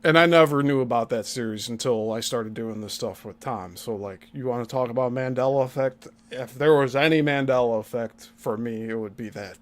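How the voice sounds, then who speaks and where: A man's voice: medium pitch, fairly quick, hardly any pauses. Pointed critical male podcast host. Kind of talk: commentary podcast.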